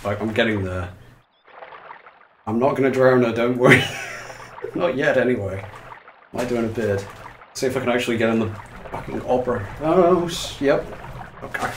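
A man's voice: medium pitch, moderate pace, pauses often, roomy sound, background noise. Winded man streaming a game. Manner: chatty, self-mocking, swears, reads chat aloud. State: out of breath, legs tired. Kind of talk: live gameplay commentary.

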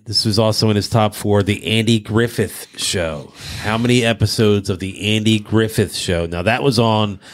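A man's voice: lowish voice, moderate pace, hardly any pauses, no room sound. A man co-hosting a casual movie podcast, leading the trivia and teasing the others. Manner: quizzing, playful teasing. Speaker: podcast co-host running trivia.

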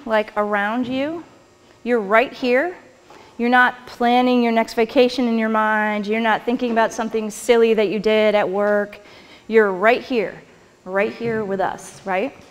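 A woman presenting to a live audience in a conversational lecture style, chuckling and putting questions to the listeners. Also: on the high side. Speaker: workshop presenter. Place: hall or meeting room with an audience. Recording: long hall reverb.

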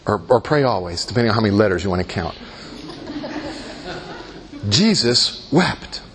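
Against a noisy background, a workshop leader with a lowish voice and big pitch swings speaks at a moderate pace. He runs a Christian workshop conversationally, often throwing rhetorical questions at listeners and joking at his own expense.

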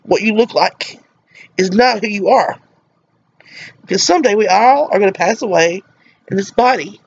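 A woman's voice: mid-range voice, normal speed, long pauses, a little hiss or hum. Middle-aged woman, Southern American accent, impassioned and preachy, emotional, dull lo-fi sound. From Mississippi, USA. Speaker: vlogger. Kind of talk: earnest monologue to camera.

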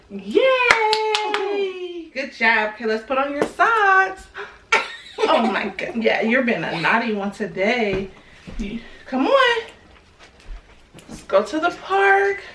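A woman's voice: high-pitched, bright, forceful tone, slight background noise. A young woman, a mother and family vlogger, gushing at her daughter in playful, teasing baby talk at home. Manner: gushing, sing-song, teasing. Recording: echoey room, camera at a distance.

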